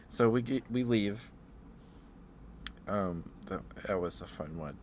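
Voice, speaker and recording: A man in a soft-spoken ASMR ramble, telling meandering stories with fillers and chuckles. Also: fairly low pitch, slow pace, pauses often, a little hiss or hum. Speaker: ASMR streamer.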